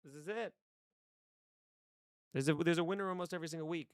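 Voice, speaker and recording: A man's voice: a little high, fairly quick, clean tone, no echo, studio quality. A man chatting casually on a live stream, rambling to his chat while adjusting his microphone settings. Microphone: desk microphone.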